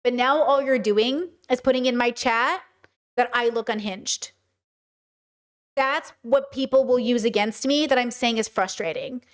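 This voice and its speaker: Passionate high-voiced woman streamer. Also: measured pace. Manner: passionate, direct, animated argument; reads out chat messages and answers them. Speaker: streamer and commentator. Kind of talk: livestream commentary.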